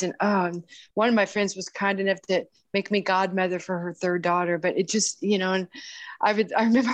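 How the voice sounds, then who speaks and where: Brief: woman in her 60s, interview guest, halting and chatty, dry close sound. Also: medium pitch, dry recording. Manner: warm, halting, with many restarts and fillers. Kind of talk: casual interview chat.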